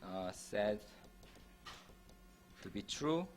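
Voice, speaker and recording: A man's voice: on the low side, animated, extremely slow, a little mellow, soft background music. A man giving a university math lecture, explaining patiently and restarting phrases as he goes. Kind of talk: classroom lecture.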